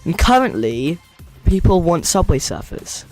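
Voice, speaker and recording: A young man with an American accent chats with his live viewers in a loose, playful ramble. His voice sits a little high, and he takes his time between words. Soft music plays faintly under him. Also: animated, takes it slowly. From United States. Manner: rambling and playful, reads chat aloud. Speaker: streamer. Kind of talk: casual chat with live viewers.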